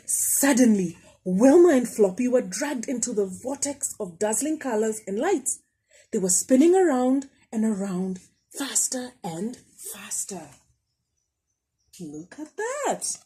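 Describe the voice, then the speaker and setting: A woman teacher reading a picture book aloud to children, pausing to ask questions about the pictures. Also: fairly high pitch, breathy edge, low-quality recording. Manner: lively, asks the listener questions about the pictures.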